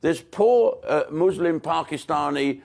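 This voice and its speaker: A man's voice: fairly high pitch, animated, unhurried, creaky, a little mellow. A man, a British comedian, ranting to camera in a blunt, sweary, sarcastic way. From Britain. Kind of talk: angry casual monologue.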